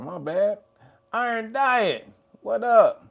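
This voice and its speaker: A man's voice: big pitch swings, slow, vocal fry. Laughing, swearing man hosting a livestream. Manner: reads viewer names, laughs often, swears casually; rises to a high, loud laughing voice when teasing. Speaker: livestream host. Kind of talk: casual livestream chat.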